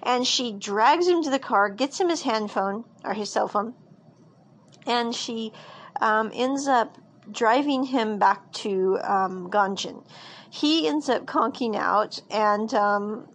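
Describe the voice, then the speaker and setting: A chatty woman with a slightly high voice walks through a drama episode in a loose, rambling recap. She talks casually, with plenty of fillers and restarts, and a faint hum of room ambience sits behind her. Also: slow pace, low-quality recording.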